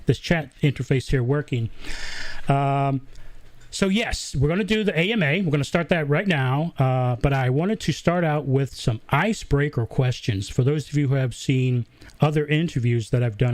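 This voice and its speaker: A man's voice: medium pitch, a little mellow, no room sound. A man from the American South with a Southern accent, hosting a casual livestream Q&A and chatting through it with lots of fillers and restarts. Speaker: host.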